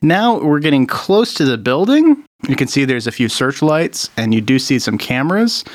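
A man narrating as game master of a tabletop role-playing game, relaxed and laughing easily. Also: mid-range voice, moderate pace.

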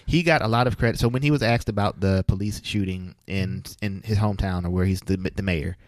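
A man's voice: low voice, a little fast, no room sound. Laughing, rambling man chatting, dry sound. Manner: laughs often, rambling with fillers. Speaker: podcast co-host. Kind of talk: casual chat about politics.

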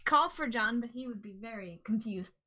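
A woman's voice: fairly high pitch, animated, moderate pace, pushed and bright, no room sound. A woman in her twenties, co-hosting a podcast in casual chat with dry, offhand quips. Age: 20s. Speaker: podcast co-host.

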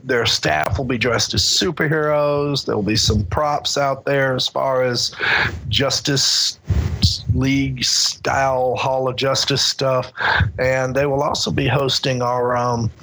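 A man's voice: mid-range voice, creaky, a bit bright, slight background noise, rough recording. A middle-aged man co-hosting a casual podcast, rambling easily with restarts and small chuckles. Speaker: convention organizer and podcast co-host.

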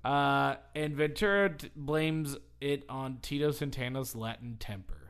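A man hosting a casual podcast, retelling an old wrestling match in a loose, rambling way. He laughs often and gets animated at the funny bits. His voice sits at an ordinary mid pitch. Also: unhurried, smooth. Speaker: podcast host. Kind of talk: casual chat recapping wrestling.

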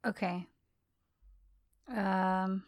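A woman co-hosting a podcast, chatting casually about a TV episode in a relaxed, agreeable way. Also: mid-range voice, drawn-out words, no echo, clean studio sound. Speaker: podcast co-host.

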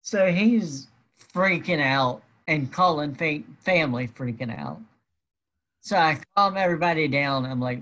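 An unhurried guest spins a personal tale at a slow, easy pace. The delivery stays wry and matter-of-fact, with a middling pitch. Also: fairly bright tone. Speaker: guest telling a personal story. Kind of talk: casual storytelling.

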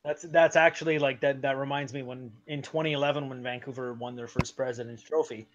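A man co-hosting a casual hockey podcast, chatty and quick to laugh as he tells stories. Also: medium pitch, steady tone, muffled recording, background noise. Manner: chatty storyteller, laughs easily. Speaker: podcast co-host.

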